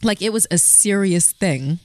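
A woman's voice: medium pitch, animated, measured pace, a little mellow, no room sound, studio quality. A woman co-hosting a podcast, speaking candidly and reflectively in casual chat. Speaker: podcast co-host.

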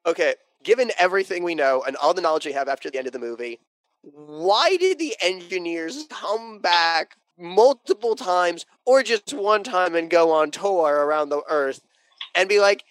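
A man's voice: high-pitched, lively intonation, moderate pace, a bit bright, low-quality recording. A man co-hosting a casual podcast, talking about films in a wry, joking way. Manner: wry, joking film talk. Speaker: podcast co-host. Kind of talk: casual chat.

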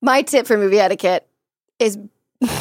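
A woman hosting a comedic advice podcast, brisk and quick to move things along, laughing often. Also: mid-range voice, no echo, studio quality. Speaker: podcast host.

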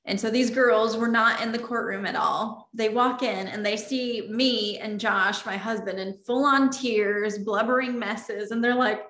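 A woman with a slightly high voice tells a personal story in an interview. She speaks earnestly and lets her emotion show. The recording has a roomy echo. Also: fairly even intonation, measured pace, hardly any pauses, fairly bright tone. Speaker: interview guest.

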